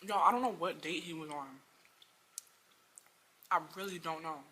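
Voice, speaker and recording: A young woman telling an exasperated story about a bad date in a storytime vlog, lively and full of slang. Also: sits low, measured pace, husky. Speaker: vlogger.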